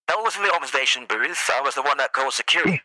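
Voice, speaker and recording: A man's voice: medium pitch, lively intonation, very fast, bright, forceful tone, dry recording, low-quality recording. A man voicing a male doctor under questioning, through a radio demon voice filter, with terse, defensive answers. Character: male doctor questioned after a deadly incident.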